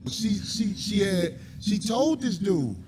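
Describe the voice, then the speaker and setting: A man bantering on a podcast clip, telling a story in an animated way and mimicking other people. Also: sits high, slow, noisy background. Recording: played clip with loud audience.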